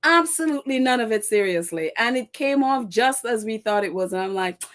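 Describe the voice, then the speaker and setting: A woman's voice: on the high side, expressive, brisk, fairly bright tone. Chatty, laughing woman host. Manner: chatty, laughs often, sarcastic, many fillers and restarts. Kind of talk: casual live-stream chat reading viewer comments.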